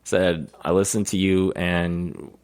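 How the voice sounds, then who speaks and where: Deep-voiced man telling crude stories. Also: level tone, takes it slowly, a little mellow. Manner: profane storytelling, laughs often. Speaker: podcast co-host. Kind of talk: casual chat.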